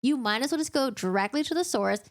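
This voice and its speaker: Woman, casual book recap, chatty, joking asides, animated pitch. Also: fast.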